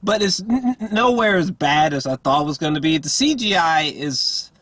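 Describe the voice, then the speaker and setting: A man's voice: a little high, expressive, moderate pace, fairly bright tone, dry recording. A man giving a casual, rambling movie review, exasperated and profane, full of fillers and restarts.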